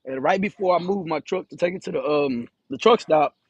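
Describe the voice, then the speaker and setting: A man's voice: on the high side, brisk, breathy edge, dry recording, muffled recording. A man who drives a truck, telling a rambling, profane story to camera, stuttering and repeating himself. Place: in his truck.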